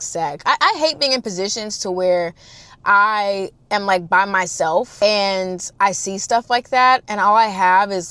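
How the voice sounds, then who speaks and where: A young woman telling a storytime, in casual chat and straight to her listeners. Her voice sits at a middling pitch and swings from loud, excited outbursts down to quiet, hushed asides. She is slangy and swears freely. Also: dry recording. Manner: animated, swinging between loud exclamations and hushed low asides; addresses listeners directly, slangy and profane.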